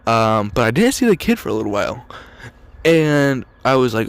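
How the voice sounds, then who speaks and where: A man's voice: medium pitch, very animated, moderate pace, noisy background. A teenage boy telling a story in a casual, rambling way, full of "like" and "dude". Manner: rambling, heavy use of "like" and "dude". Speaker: storytelling vlogger.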